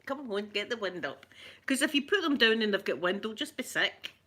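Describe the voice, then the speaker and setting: A middle-aged Scottish woman chatting away to her live viewers with a bright, clear voice. She greets people by name and laughs easily as she talks. Her pitch sits in an ordinary middle range. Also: lively intonation, fairly quick. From Scotland. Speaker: ASMR livestream host. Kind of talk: casual chat with live viewers.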